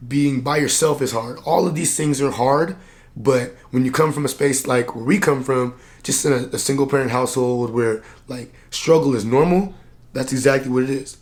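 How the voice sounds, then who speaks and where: A man who works as a coach, talking candidly to camera in a vlog, earnest and reflective, and tired and low on energy. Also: normal speed. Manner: earnest, reflective, plain-spoken with many "like" fillers. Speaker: personal development coach and vlogger.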